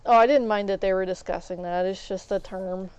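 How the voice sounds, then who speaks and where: A woman's voice: medium pitch, a little fast, smooth, highs cut off. A woman telling rambling stories on a stream, acting out what others said. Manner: rambling, animated, acts out quoted people. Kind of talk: casual storytelling while gaming.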